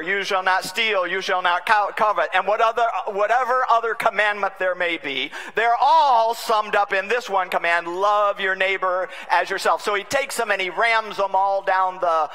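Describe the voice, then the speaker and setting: A man preaching a sermon as a bishop, wry and humorous, swinging between loud and hushed delivery. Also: high voice. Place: large conference hall. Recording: long reverb of a large conference hall.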